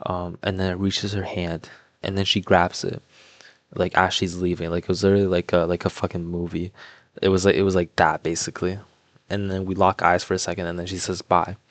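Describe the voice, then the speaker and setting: A man's voice: deep voice, little pitch movement, a little fast, no room sound. A young man telling a personal story in a casual, rambling way, full of "like" and "um" fillers. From Toronto, Canada. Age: young adult. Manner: rambling, filler-heavy, lots of "like" and "um"; laid-back, mumbling asides while doing a puzzle. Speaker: vlogger.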